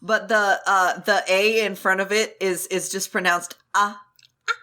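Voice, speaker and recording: A woman co-hosting a podcast, recapping a story chapter in casual chat, animated and swearing freely. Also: mid-range voice, measured pace. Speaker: podcast co-host.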